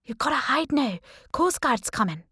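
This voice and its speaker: A woman's voice: high voice, sing-song, sharp tone, breathy edge, dry recording, studio quality, pitched above the performer's own voice, full character voice. A woman voicing a curt young fisherman's son. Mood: urgent. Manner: blunt, hurried orders.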